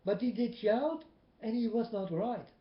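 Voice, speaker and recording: A man preaching a personal testimony in non-native English, emphatic, swinging between loud and soft. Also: high-pitched, measured pace. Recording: echoey, dull lo-fi recording.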